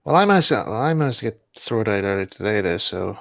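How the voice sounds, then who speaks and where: Low-voiced young man chatting, rambling. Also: sing-song, fast, vocal fry, no echo. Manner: rambling, laughing, self-correcting. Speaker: livestream host. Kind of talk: casual chat while building models.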